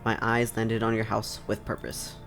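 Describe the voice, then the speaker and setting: A man's voice: lowish voice, monotone, normal speed, gravelly, fairly bright tone, faint music behind. A man voicing a nosy, folksy old woman while reading game dialogue aloud. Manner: old-fashioned folksy phrasing.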